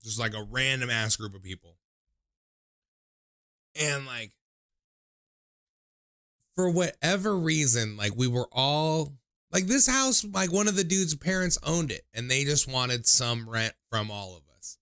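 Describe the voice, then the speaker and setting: A man's voice: very animated, unhurried, pauses often, bright, forceful tone, dry recording, studio quality. A young man, hosting a livestream and telling stories in a casual, profane, rambling way full of fillers. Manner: mimics people in high voices when quoting. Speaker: livestream host taking call-ins. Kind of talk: casual storytelling chat.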